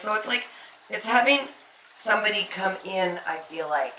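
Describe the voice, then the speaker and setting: Speaking at a normal speed, the woman reading tarot has an expressive, medium-pitched voice that is pushed and bright. She stands off-mic in an echoey space with faint noise, offering the listener emphatic, comforting guidance about the spiritual.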